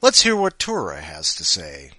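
A man's voice: low voice, wildly swooping pitch, moderate pace, bright, forceful tone, dry recording. A man hosting a podcast, rambling in a self-deprecating, jokey way between segments. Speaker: podcast host. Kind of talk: casual chat.

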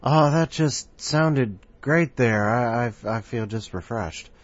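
Playful rambling podcast host. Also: male voice, medium pitch, slow pace, no room sound. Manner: rambling, playful, self-mocking. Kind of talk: casual show hosting. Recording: dry, slightly muffled home recording.

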